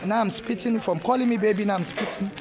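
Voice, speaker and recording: In a public building, a woman protester from Nigeria unleashes an angry ranting monologue, insistent, agitated and full of repetition. Her medium-pitched voice moves at a quick pace over background noise, picked up by a handheld phone.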